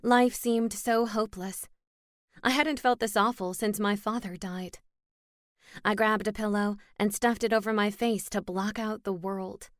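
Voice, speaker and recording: A woman's voice: medium pitch, fairly even intonation, measured pace, dry recording, clean studio sound. Woman narrating a cozy mystery. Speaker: audiobook narrator. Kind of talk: scripted first-person narration.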